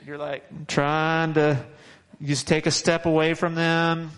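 Guy preaching a sermon, chatty, keeps repeating himself, voice a bit on the high side. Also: flat delivery, slow pace, a bit bright, clear, resonant tone, poor audio. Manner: conversational, repetitive, chuckles and restarts often. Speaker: pastor.

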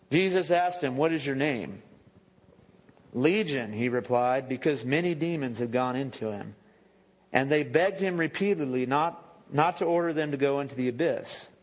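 A man preaching a sermon as pastor, speaking conversationally with joking asides and self-corrections. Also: a little high. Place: church sanctuary. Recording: echoey church hall with long reverb.

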